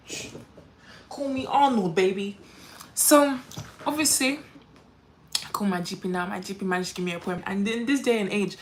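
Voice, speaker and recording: A woman's voice: mid-range voice, a little hiss or hum. A woman, chatting animatedly while doing her makeup on a livestream, full of quoted voices and laughter. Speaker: beauty livestream host.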